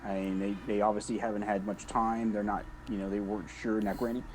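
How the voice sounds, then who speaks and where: A man co-hosting a casual podcast over a video call, who talks haltingly and repeats words as he starts. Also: lowish voice, flat delivery, darkish tone, slight background noise, rough recording. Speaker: podcast co-host.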